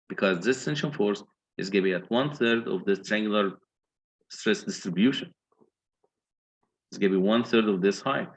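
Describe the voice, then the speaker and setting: A man's voice: medium pitch, low-quality recording. A man with an Egyptian accent giving a university engineering lecture, explaining step by step and often checking that students follow.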